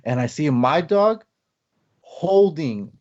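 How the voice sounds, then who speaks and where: A man's voice: on the high side, expressive, slow pace, a little mellow. Male podcast host, casual storyteller, filler-heavy, slightly muffled recording. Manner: rambling, many fillers, acts out quotes. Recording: slightly dull lo-fi podcast audio.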